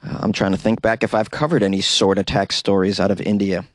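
A man's voice: on the low side, flat delivery, fast, dry recording. A man hosting a solo comedy news podcast, chatting casually and playfully, rambling and sometimes breaking into silly singing. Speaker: podcast host.

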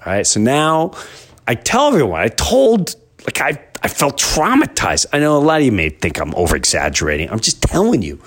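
A man hosting a podcast, telling a comic story in an animated, exaggerated way with many restarts. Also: mid-range voice, fairly quick. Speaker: podcast host. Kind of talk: comedic storytelling.

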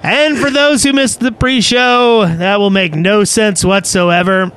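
A man's voice: high voice, steady tone, unhurried, fairly bright tone, clean tone. A young man co-hosting a podcast in casual chat, joking and reading viewer messages aloud. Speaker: podcast co-host.

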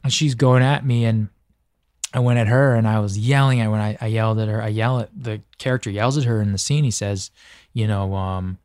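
A man's voice: lowish voice, steady tone, brisk, a little mellow, no room sound, studio quality. A man speaking as a podcast guest in casual conversation, earnest and reflective, often stopping and restarting his sentences.

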